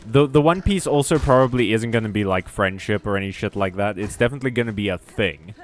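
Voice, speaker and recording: A VTuber streamer plays a video game, chatting casually in a rambling, self-deprecating way and swearing freely. His voice is fairly low and he talks at a quick pace.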